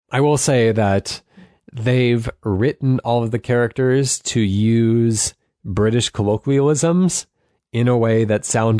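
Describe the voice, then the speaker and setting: A man chatting casually as a podcast co-host, rambling a little and laughing softly. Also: medium pitch, no room sound, studio quality. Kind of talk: casual chat.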